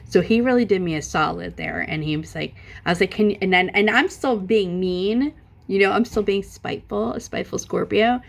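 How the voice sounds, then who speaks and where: A middle-aged woman telling a long, profane story in a casual, animated way, her voice jumping up when she stresses a point. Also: medium pitch, fairly quick, creaky. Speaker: vlogger.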